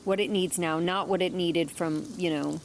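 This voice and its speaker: Low-voiced woman, thoughtful and measured. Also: fairly even intonation, a little hiss or hum. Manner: thoughtful, measured, many affirmations. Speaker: podcast co-host. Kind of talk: reflective casual conversation.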